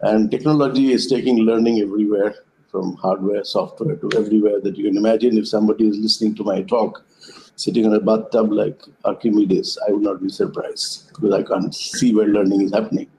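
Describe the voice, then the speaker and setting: A man's voice: on the low side, flat delivery, a little fast, creaky, a little mellow, slight background noise, poor audio. A man giving a reflective conference talk by video call, a thoughtful storyteller who speaks in metaphors. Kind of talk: reflective talk told through parables. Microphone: web conference call.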